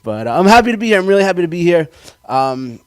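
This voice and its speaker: A man doing a stand-up comedy set, telling loud, excitable, self-mocking stories. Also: high voice, fast, clean tone, no room sound. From New York.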